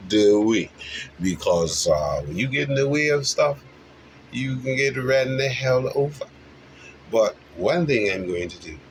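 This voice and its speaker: A man rambling through a spiritual monologue, preachy and full of rhetorical questions, jumping from low mumbles to high loud bursts. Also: a little hiss or hum, poor audio.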